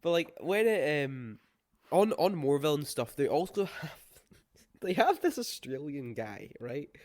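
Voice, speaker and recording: A man co-hosting a film review chat, animated and exasperated, swearing freely. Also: a little high, unhurried. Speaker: film review podcast co-host. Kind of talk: casual chat.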